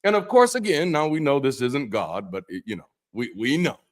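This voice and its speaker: A man's voice: medium pitch, animated, moderate pace. Man, ex-pastor, casual livestream chat, profane jokes, loose delivery, restarts his sentences. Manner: loose, profane, joking asides; repeats words and restarts often. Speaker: ex-pastor hosting a Bible study.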